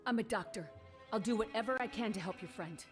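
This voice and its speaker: A woman voicing a composed doctor in a game cutscene, assessing injuries in measured, clinical tones. Soft game music sits faintly behind her. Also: medium pitch, close to an everyday voice. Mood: calm. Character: calm, clinical female doctor under pressure. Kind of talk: video game cutscene acting.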